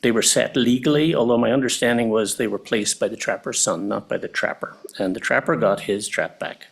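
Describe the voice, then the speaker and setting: Older Irish man, gravelly, plain-spoken public testimony with dry understatement. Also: mid-range voice, fairly even intonation, fairly quick. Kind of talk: committee testimony.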